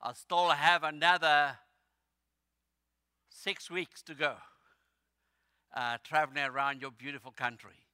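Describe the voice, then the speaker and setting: A man in his sixties or older from South Africa, with a South African accent, preaching a sermon as a visiting missionary in a slow, halting way with many fillers. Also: on the high side, steady tone, sharp tone, clean tone, dry recording, studio quality.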